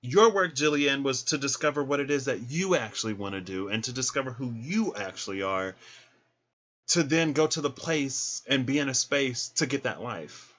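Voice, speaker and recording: A man giving a casual tarot reading, chatty and animated, who laughs often and acts out little scenes. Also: medium pitch, normal speed. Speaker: tarot reader.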